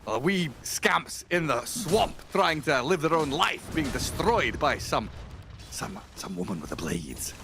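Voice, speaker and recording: A man's voice: a little high, big pitch swings, measured pace, gravelly, background noise, full character voice. A man doing a put-on Scottish brogue. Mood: drawling. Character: jokey Scottish-accented man caster.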